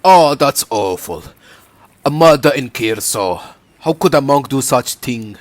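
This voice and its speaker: A man voicing a kindly village wife and mother in a let's-play, speaking gently and hospitably. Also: mid-range voice, lively intonation, unhurried, no room sound, natural voice. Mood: concerned.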